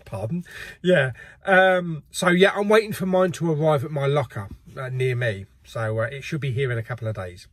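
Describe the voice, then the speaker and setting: A man's voice: mid-range voice, moderate pace, a bit bright, no echo. A middle-aged man, hosting a casual video and chatting in a jokey way with frequent laughs. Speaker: host. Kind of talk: casual chat.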